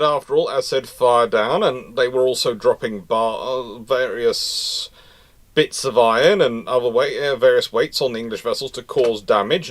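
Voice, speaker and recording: A man presenting naval history in an enthusiastic, animated, informal lecture. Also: medium pitch. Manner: enthusiastic, animated storytelling with frequent restarts.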